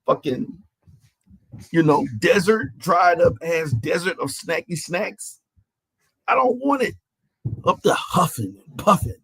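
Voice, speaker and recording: A man's voice: medium pitch, creaky, a bit bright, breathy edge, no room sound. A man hosting an online panel, ranting in a mocking, profane way, stammering and repeating his phrases. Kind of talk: heated live-stream rant.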